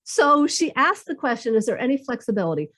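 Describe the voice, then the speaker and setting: A woman career coach giving advice in a podcast interview, enthusiastic and acting out quoted dialogue with lively shifts. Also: on the high side, fairly quick.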